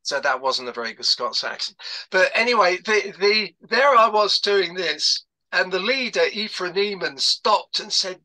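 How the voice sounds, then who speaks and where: A man's voice: sits high, animated, normal speed, pushed and bright, rough recording. An older man telling stories about his past career on a video call, rambling with lots of fillers and restarts. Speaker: guest speaker. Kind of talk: anecdotal talk on a video call.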